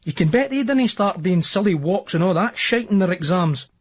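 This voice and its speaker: A man's voice: sits high, expressive, moderate pace. A man with a Scottish accent narrating a novel in the first person, in a brash, crude, swaggering voice. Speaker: audiobook narrator. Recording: dull lo-fi remastered old tape.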